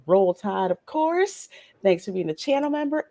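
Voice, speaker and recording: A woman hosting a live stream, with a lively voice that swings up and down as she greets viewers and reads out their chat messages. She talks in a relaxed, chatty way. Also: medium pitch, measured pace.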